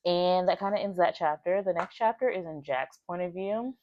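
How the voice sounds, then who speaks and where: A woman's voice: fairly low pitch, moderate pace, muffled recording. A woman casually recapping a book's chapters in a chatty way, full of "like" fillers and bits of acted-out quotes. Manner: chatty, with many "like" fillers, acting out quoted lines. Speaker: book reviewer.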